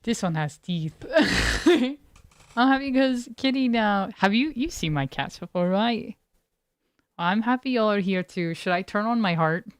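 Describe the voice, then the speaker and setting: A woman's voice: mid-range voice, lively intonation, unhurried, smooth, no echo, clean studio sound. A woman streamer chatting casually with her live viewers, laid-back and giggly, greeting people by name. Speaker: game streamer.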